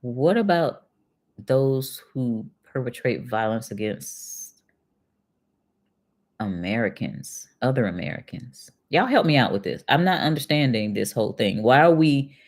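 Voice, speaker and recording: With a rumbling low voice, expressive and unhurried, a middle-aged channel host who used to be an accountant reads passages aloud. She then answers them casually, putting pointed questions to her viewers.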